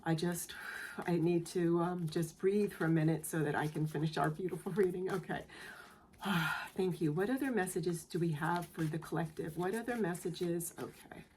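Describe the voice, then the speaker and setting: A woman's voice: fairly low pitch, normal speed, a little hiss or hum. A woman hosting her own channel, giving an earnest, affirming tarot reading to her viewers, moved close to tears. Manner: gentle, earnest, affirming; emotional, near tears. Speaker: tarot reader, channel host. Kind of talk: spiritual tarot reading to camera.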